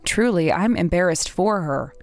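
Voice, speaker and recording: A woman's voice: lowish voice, lively intonation, moderate pace, soft background music. A synthetic woman voicing bickering young female rivals. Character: two bickering young women, rivals from school. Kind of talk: text-message story read by synthetic voice.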